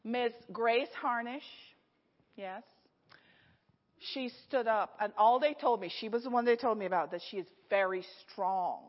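A high-voiced, middle-aged woman tells a personal story from the pulpit, lively and quick to laugh as she acts out each character. Her voice rings through a reverberant church hall, and the recording sounds slightly dull. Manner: animated, laughs often, acts out the people in her stories. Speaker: preacher. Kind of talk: storytelling sermon.

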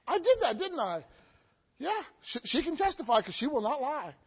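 A middle-aged pastor preaching with a very high voice, moving from hushed asides to loud, soaring exclamations. He keeps checking in with his congregation by asking "Amen?" The sound is dull and muffled. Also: very animated, normal speed. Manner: call-and-response preaching, asking "Amen?" often. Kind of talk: sermon.

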